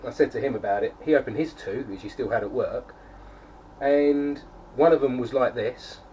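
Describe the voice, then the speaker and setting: A man's voice: mid-range voice, darkish tone. A young man casually chatting to camera at home beside his keg setup, rambling with plenty of fillers and restarts. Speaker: homebrewing vlogger. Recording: distant mic, faint background noise.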